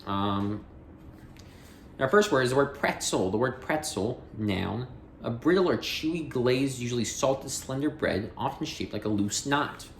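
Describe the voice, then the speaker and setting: A man's voice: medium pitch, expressive, a little slow, slight background noise. Rambling male dictionary-reading host, echoey room. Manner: chatty, rambling, self-interrupting, jokey.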